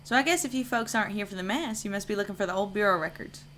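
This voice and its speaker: A calm, musing church janitor, read by a woman. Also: medium pitch, racing, slight background noise, lightly acted. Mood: reflective. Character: a reflective male church janitor, calm and philosophical.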